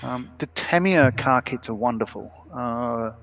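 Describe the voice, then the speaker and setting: Chatty guy with a gravelly voice reading out stream comments, kinda dull lo-fi sound. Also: mid-range voice, animated, a little slow, a crowd in the background. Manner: chatty, laughs often, reads comments aloud. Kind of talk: casual chat.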